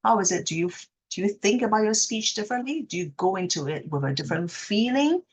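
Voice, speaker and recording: A woman speech therapist explaining a technique patiently, checking in with the listener and acting out example phrases slowly with exaggerated inflection. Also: mid-range voice, animated, slightly rough. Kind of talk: instructional talk to camera.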